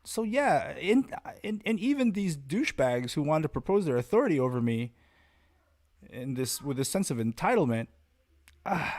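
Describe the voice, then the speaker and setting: A man hosting a casual podcast monologue, talking in a blunt, profane, rambling and animated way as a martial arts instructor. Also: on the high side.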